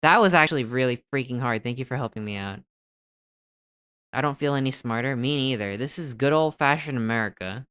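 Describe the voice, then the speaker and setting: A streamer giving excitable live gameplay commentary, thinking aloud while guessing and swearing often. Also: medium pitch, a little fast, smooth, no echo, clean studio sound.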